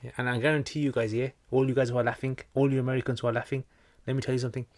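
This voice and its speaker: A man's voice: medium pitch, flat delivery, racing, dry recording. A British man hosting a casual livestream Q&A. He answers viewers' questions on Islamic practice in a chatty, informal way and reads each question aloud before he answers.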